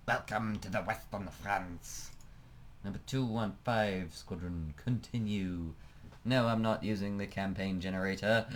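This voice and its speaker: Chatty low-voiced man thinking aloud. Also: slight background noise. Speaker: let's play host. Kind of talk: casual gameplay commentary.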